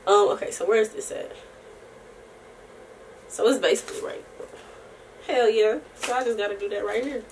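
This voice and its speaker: A young woman vlogging in a casual, rambling chat to camera, slangy and profane, often laughing and sometimes breaking into soft singing. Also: mid-range voice, steady tone, moderate pace, pauses often, recorded from a distance, slight background noise.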